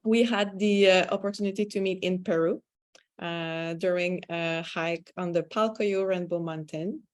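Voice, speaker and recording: A woman with a French Canadian accent hosting an interview podcast, speaking in a measured, reflective way with frequent pauses and ums. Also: on the low side, fairly even intonation. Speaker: podcast host.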